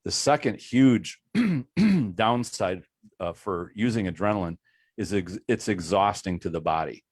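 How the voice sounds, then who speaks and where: A man on a coaching panel giving advice in a measured way, stressing that it is only his opinion. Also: lowish voice, expressive, husky, no room sound, studio quality.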